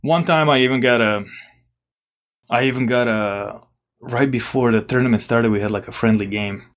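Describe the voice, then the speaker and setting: A young man from Serbia with a Serbian accent, casually telling stories as a podcast guest, animated and swearing now and then. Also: medium pitch, normal speed. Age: young adult. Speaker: podcast guest, former college basketball player. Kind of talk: casual storytelling interview.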